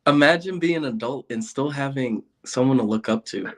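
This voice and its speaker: A man in a relaxed interview, talking with lively energy and laughing easily as he tells stories. His voice sits in an ordinary middle pitch, and his manner is open and chatty. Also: brisk. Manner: animated storyteller, laughs often. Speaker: interview guest. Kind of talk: casual chat.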